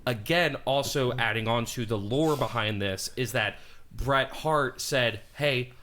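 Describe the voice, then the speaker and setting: A man with an English Canadian accent co-hosting a podcast, telling stories in an animated way and laughing often. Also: mid-range voice, measured pace. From Montreal, Canada. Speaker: podcast co-host. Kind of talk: casual chat.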